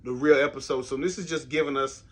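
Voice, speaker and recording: A middle-aged man hosting a casual faith podcast from his home basement, speaking in a reflective, halting way with frequent restarts. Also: medium pitch, fairly even intonation, slightly rough. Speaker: podcast host.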